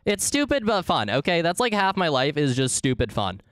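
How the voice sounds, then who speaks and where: A man's voice: a little high, big pitch swings, normal speed, fairly bright tone, dry recording, studio quality. A man live-streaming a game, chatting casually and goofily with his viewers as he plays. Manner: goofy, rambling, talks to chat.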